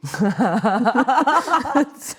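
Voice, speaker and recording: A woman chatting as a podcast guest, deadpan and darkly joking. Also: fairly high pitch, extremely slow, slightly rough. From Russia. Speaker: guest comedian. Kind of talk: casual podcast chat.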